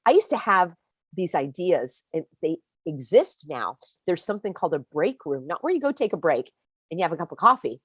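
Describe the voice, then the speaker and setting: A woman hosting a live-stream motivational talk, emphatic and animated, speaking straight to her viewers. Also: fairly low pitch, fairly quick, breathy edge, dry recording. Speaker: host.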